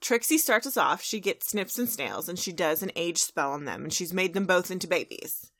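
A woman's voice: fairly low pitch, animated, fairly bright tone, no echo. Woman podcast cohost telling a cartoon episode play by play, chatty, dry close sound. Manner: chatty storytelling, slips into quick character quotes. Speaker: podcast co-host. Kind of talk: casual episode recap.

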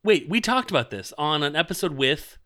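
A man with a slightly high, bright voice speaks a little fast, very animated and forceful. He co-hosts a podcast, casually going over a TV episode and rambling with many fillers.

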